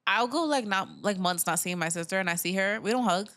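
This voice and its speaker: A woman's voice: mid-range voice, brisk, a bit bright, no room sound, studio quality. A young woman, a mother, chatting candidly as a podcast guest, laughing and quoting herself and her family as she talks. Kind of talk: casual chat.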